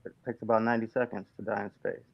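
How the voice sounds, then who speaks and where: A man on a casual podcast who throws in quick, wry remarks. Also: lowish voice, little pitch movement, creaky. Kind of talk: casual chat. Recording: dull lo-fi sound.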